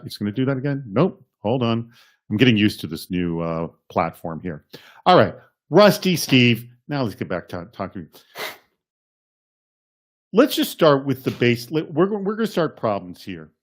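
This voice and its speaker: A man hosting a live webcast, talking in a lively, rambling way and correcting himself as he goes. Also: on the low side. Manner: energetic, rambling, self-correcting. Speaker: host.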